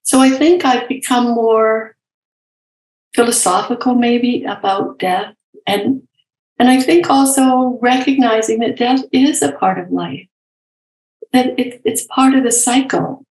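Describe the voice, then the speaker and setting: Older woman, gentle reflective storyteller, roomy. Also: fairly high pitch. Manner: candid, gentle, anecdotal. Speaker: guest, palliative care nurse and professor.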